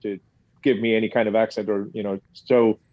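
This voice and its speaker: A man's voice: lowish voice, little pitch movement, brisk, no echo, muffled recording. A man with a non-regional English accent, a podcast guest, talking casually with many fillers and restarts. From England. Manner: rambling, hesitant, with many fillers.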